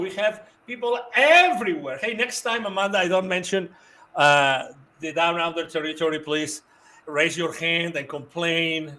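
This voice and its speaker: Male host, effusive and repetitive, fairly high pitch. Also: bright, forceful tone. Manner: effusive, repeats himself, restarts often. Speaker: show host. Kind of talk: live show sign-off, reading viewer messages.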